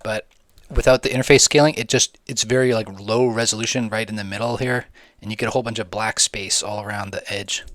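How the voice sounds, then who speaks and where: Low-voiced rambling young man gaming. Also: steady tone, brisk, hardly any pauses, fairly bright tone, no room sound. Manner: rambling, slangy, swears freely, jokey. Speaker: gaming video host. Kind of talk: casual gameplay commentary.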